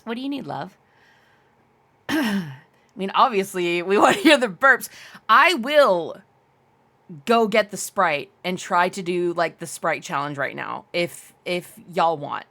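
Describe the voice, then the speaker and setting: A woman's voice: lowish voice, lively intonation, a little slow, gravelly, pushed and bright. A young adult woman live-streaming, chatting casually with her viewers in a giggly, rambling way and answering chat aloud.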